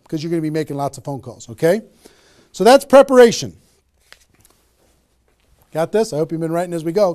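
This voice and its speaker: His voice is high-pitched and a little mellow as he delivers a sales training pep talk for network marketing. He stays emphatic and repetitive, often pausing for an "okay?"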